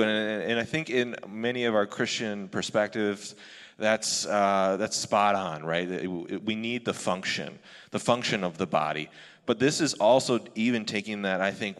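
A man's voice: low-pitched, a bit bright. A male pastor giving a sermon in a candid, conversational way, often restarting his sentences. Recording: long hall reverb.

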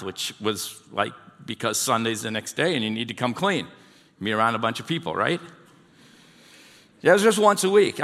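Middle-aged male pastor, chatty sermon to the congregation, plain mid-pitched voice, long hall reverb. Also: fairly bright tone. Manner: conversational, asks the congregation questions. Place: church hall.

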